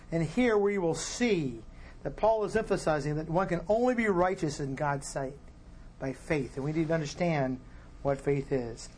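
A man leading a Bible study, explaining verses in a relaxed teaching way and posing rhetorical questions to his class. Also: high-pitched, slight background noise.

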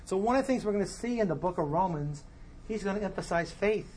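A man leading a Bible study, explaining verses in a relaxed teaching way and posing rhetorical questions to his class. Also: high-pitched, quick pace, a little hiss or hum.

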